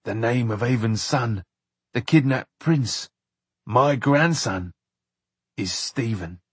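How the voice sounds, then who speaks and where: A grave, troubled old grandfather speaks haltingly, as a man narrating a storybook puts him on. The voice is husky and plain. The recording is dry and close. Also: medium pitch, no echo. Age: older.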